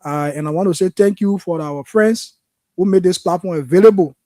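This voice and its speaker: A man's voice: high voice, a little fast, dark tone, no echo. Impassioned Liberian man hosting a call-in. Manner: impassioned, frustrated. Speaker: radio call-in host. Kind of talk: political talk show commentary.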